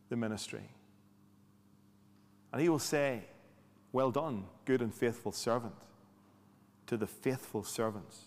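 A man's voice: mid-range voice, darkish tone. Man preaching in a reverberant hall. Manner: conversational, rhetorical questions, dry humor. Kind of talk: sermon.

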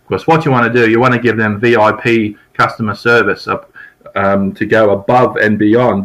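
A man's voice: fairly low pitch, fairly bright tone, low-quality recording. A middle-aged man teaching sales techniques in an informal, conversational way, repeating key points for emphasis. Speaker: sales trainer. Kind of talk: informal spoken sales lesson.

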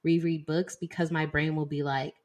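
A woman's voice: sits low, little pitch movement, normal speed. A woman in her twenties, co-hosting a casual book chat and chatting with lots of "like" and "y'all.". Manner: chatty, heavy use of "like" and "y'all". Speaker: podcast co-host.

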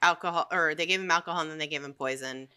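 A young woman co-hosting a podcast in casual chat, telling the story in a halting, rambling way with many ums. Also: deep voice, sharp tone, smooth. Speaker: podcast co-host.

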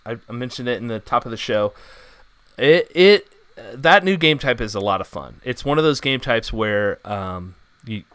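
A man's voice: medium pitch, fairly bright tone, smooth, dry recording. A man hosting a gaming podcast, chatting casually through the news with lots of fillers and an upbeat, rambling manner. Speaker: podcast host.

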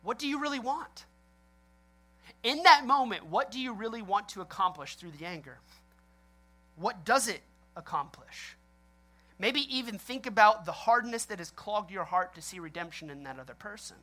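A man preaching a sermon as pastor, telling stories in an animated way, laughing often and acting out reactions. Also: sits high, moderate pace.

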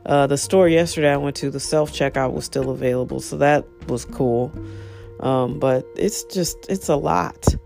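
A woman hosts her own podcast, speaking casually and frankly into her phone in a rambling, chatty way broken up by self-deprecating laughs. Her voice is very deep with vocal fry and a slightly mellow quality, moving at a moderate pace. Soft music plays in the background of this solo monologue.

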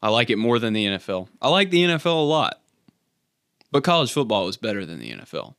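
A man's voice: lowish voice, big pitch swings, fast talker, vocal fry, a bit bright, clear, resonant tone, no room sound. A man co-hosting a sports podcast, reading a punny recap, then chatting with fillers and restarts. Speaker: podcast co-host. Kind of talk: casual sports chat with scripted recap.

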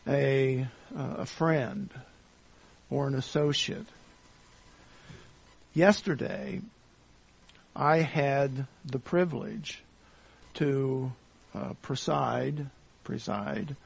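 A pastor giving a sermon, speaking deliberately with frequent pauses, fillers and restated phrases. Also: male voice, medium pitch, vocal fry, a little mellow, husky. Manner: halting, deliberate delivery with many uh fillers and restatements.

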